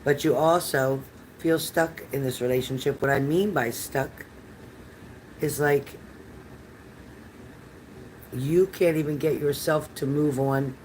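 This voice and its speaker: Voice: medium pitch, a little mellow, slight background noise, low-quality recording. An older tarot reader giving live readings to chat viewers in a chatty, rambling, reassuring manner.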